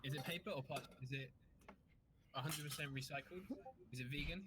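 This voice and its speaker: A man playing a live tabletop game, with a slightly raised pitch. He teases the game master with quick, playful questions. A faint ambient hum sits behind his voice. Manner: teasing, rapid-fire questions. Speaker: player.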